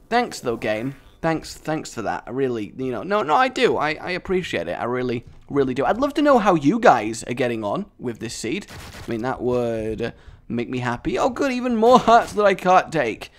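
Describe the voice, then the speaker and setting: Sarcastic let's-play commentator, lively swooping voice, male. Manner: sarcastic and self-mocking, jumping into high squeaky bits. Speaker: gaming commentator.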